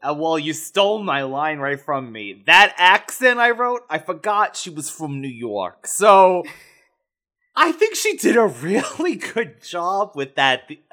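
Man, podcast co-host, bright forceful tone, casual, wry asides. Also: on the high side, very animated, a little slow. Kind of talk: casual film discussion.

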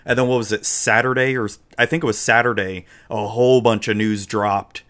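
A man from Florida co-hosting a casual podcast, relaxed and joking as he rambles. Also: fairly low pitch, a little fast. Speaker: podcast co-host. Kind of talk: casual chat.

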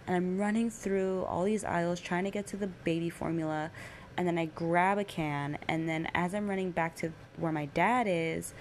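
A woman's voice: fairly low pitch, steady tone, normal speed, slight background noise. A young woman and mother telling a personal story in a casual, candid way, swearing freely and using lots of fillers.

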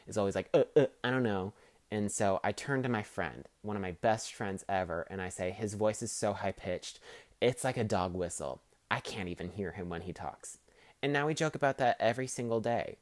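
A man's voice: lowish voice, dry recording. Cocky teen guy rambling into a mic. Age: teenager. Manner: cocky, sarcastic, rambling storyteller. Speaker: podcast host. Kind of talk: casual rambling monologue.

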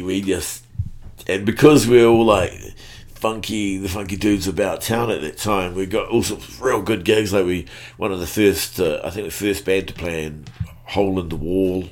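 Deep voiced kiwi guy in his 40s rambling about the old days, swears a lot, lotta fillers. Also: steady tone, moderate pace, a little hiss or hum. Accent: New Zealand. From New Zealand. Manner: laid-back, swears freely, lots of fillers. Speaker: guest musician. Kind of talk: casual storytelling chat.

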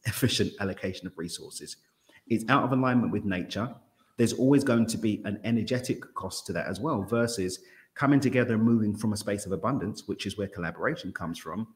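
Low-voiced man musing on nature. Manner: reflective, expansive, stumbles over words when excited. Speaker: podcast guest. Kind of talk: casual conversational interview.

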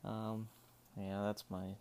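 A man's voice: lowish voice, level tone, slow pace, darkish tone. Man rambling through a spooky story. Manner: rambling, full of "like" and restarts; spooked, breathless retelling. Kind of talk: casual spoken story monologue.

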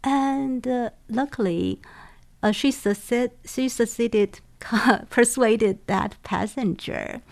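A creaky-voiced woman, a sociology professor and former flight attendant, answers interview questions with animated stories. Her voice sits a little high and her pace is slow, and she acts out quoted voices and laughs often.

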